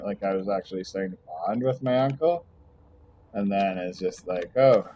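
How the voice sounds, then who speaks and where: A man's voice: lowish voice, mellow, slight background noise. A young man streaming a game, telling a rambling personal story full of fillers and swearing. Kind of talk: casual rambling story while gaming. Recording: dull lo-fi mic, faint game music.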